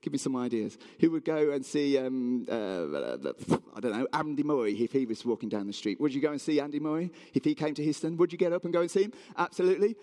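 A man's voice: medium pitch, lively intonation, fast, hardly any pauses, dark tone. A man preaching a sermon in a church hall, telling a story with animation and asking the audience questions.

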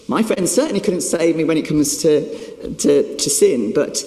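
A man's voice: a little high, animated, a little slow, mellow. A man preaching a sermon, telling a self-mocking story in an emphatic way. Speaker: pastor. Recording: echoey hall with long reverb.

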